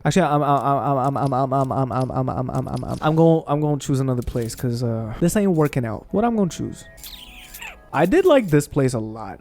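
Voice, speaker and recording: A young man casually commentating his gameplay, excitable and profane, trash-talking enemies on screen. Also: medium pitch. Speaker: gaming channel host.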